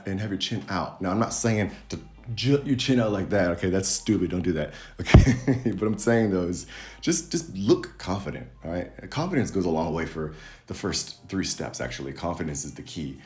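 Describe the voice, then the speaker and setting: Man, very low voice, easygoing coach tone, faint music underneath. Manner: relaxed, coaching, demonstrates sounds. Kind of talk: casual video lesson.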